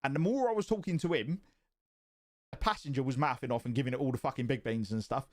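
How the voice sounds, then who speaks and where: A man casually telling a story on his stream, swearing often and getting more and more animated. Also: mid-range voice, fast talker. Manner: profane and animated, rising excitement.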